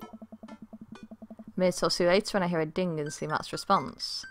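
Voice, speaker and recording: A woman's voice: lowish voice, unhurried, soft background music. A woman streamer playing a dating game, joking and reading the text aloud. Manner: playful, reads game text aloud with jokes. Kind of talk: let's play commentary.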